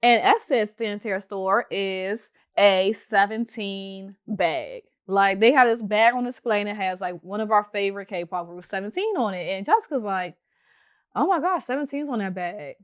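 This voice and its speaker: A young woman hosting a podcast, telling a story in a casual, animated way, laughing often and acting out what other people said. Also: medium pitch, moderate pace, few pauses, clear, resonant tone. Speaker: podcast host.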